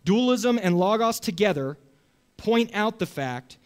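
Animated man teaching a Bible class. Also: high voice, measured pace. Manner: animated, asks the class for agreement. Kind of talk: Bible study lecture.

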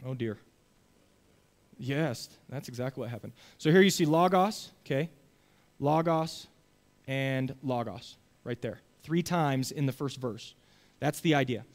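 A man teaching a Bible study class in a lively way, often checking in with his listeners. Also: medium pitch, measured pace. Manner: animated, asks the class for agreement.

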